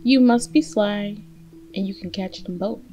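A woman's voice: medium pitch, unhurried, dark tone, soft background music, lightly acted. A woman voicing a sly, wicked male wolf in a read-aloud fairy tale, sweet-talking his prey. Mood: scheming.

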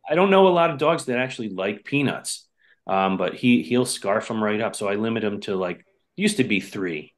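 Speaking from a home near the Hudson Valley in New York, this man plays drums in a band and is fielding podcast interview questions. He sounds animated at a normal speed with a fairly low voice, though his answers stay relaxed, halting and packed with fillers.

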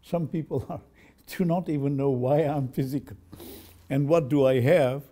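A man's voice: medium pitch, fairly even intonation, normal speed, dark tone. An older man, a professor, giving a university lecture on poetry, telling stories and reciting verse before translating it. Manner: storytelling, reciting Persian verse then translating.

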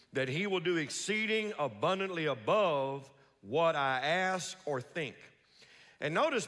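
Bright-voiced preaching pastor in a reverberant church. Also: male voice, fairly high pitch. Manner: preaching with call-and-response, slow emphatic repetitions. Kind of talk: sermon. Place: large church sanctuary. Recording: long hall reverb.

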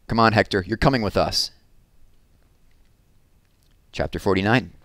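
Male reader for a read-aloud novel; low register, steady narration, dry close sound. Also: no echo. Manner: steady storytelling with lively voiced dialogue.

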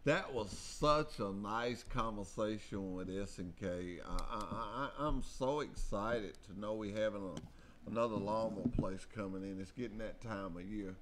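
A man hosting a local radio talk show, folksy and excitable, often repeating himself. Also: fairly low pitch, unhurried.

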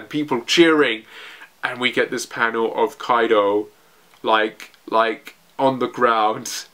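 A young man giving an excited, rambling recap of manga chapters, full of fillers and restarts. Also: medium pitch, a little slow. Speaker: manga reviewer.

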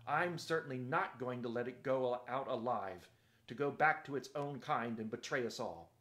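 A man's voice: medium pitch, moderate pace, fairly bright tone, close to an everyday voice. A man voicing a sour, hostile male dwarf who speaks harshly and insistently.

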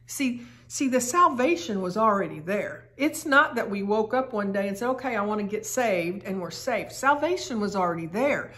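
A woman leads a Bible study at an unhurried pace, speaking in an earnest, emphatic way. Her voice sits in a middle range, and she circles back over her phrases to drive them home. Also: medium pitch, fairly bright tone. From United States.

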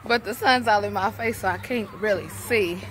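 A woman's voice: medium pitch, normal speed, fairly bright tone, slight background noise. A woman, a mother, chatting casually to her viewers in a vlog. She laughs often and talks straight to the camera about her day. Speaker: vlogger, mother. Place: outdoors and in a car, sunny day.

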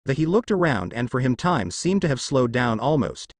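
A man narrating fan fiction with storybook pacing. He reads in a plain, steady way, and his pitch swings a lot. The recording is close and dry with no room sound. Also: normal speed, no echo.

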